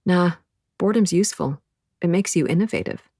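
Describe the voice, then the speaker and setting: A woman's voice: fairly low pitch, brisk, dark tone, dry recording, clean studio sound. A woman voicing a playful young man with an American accent.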